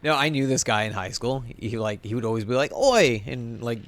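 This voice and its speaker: A man of ordinary pitch chats playfully while playing a game on stream. He jokes around and slips into mock-grand speeches. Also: a little fast, a bit bright. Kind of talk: casual stream chat.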